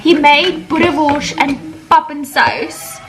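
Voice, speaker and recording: A woman's voice: high-pitched, fairly even intonation, takes it slowly, music in the background. Giggly South African woman chatting. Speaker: vlogger. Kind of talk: casual chat while cooking. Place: home kitchen. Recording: TV chatter in background. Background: TV show playing.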